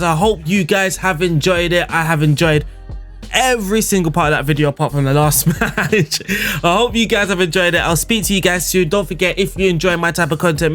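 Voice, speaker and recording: A man's voice: fairly high pitch, fairly bright tone. A man commentating on his own football game as a YouTuber, exclaiming and groaning at every chance. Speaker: gaming YouTuber.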